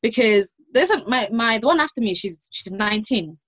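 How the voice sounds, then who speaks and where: A woman's voice: on the high side, expressive, normal speed, a bit bright, husky, dry recording. A young woman in casual chat with friends, talking in a chatty way with many restarts and fillers. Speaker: panel guest.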